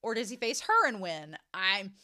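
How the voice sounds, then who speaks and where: A woman giving a casual, excited reaction commentary on an anime episode, chatty and laughing often. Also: mid-range voice, moderate pace.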